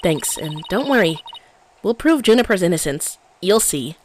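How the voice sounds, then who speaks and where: A woman's voice: fairly low pitch, sing-song, moderate pace, a little hiss or hum. A woman reading the lines of a young female lawyer in a game, upbeat and direct. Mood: determined. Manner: reading game dialogue aloud.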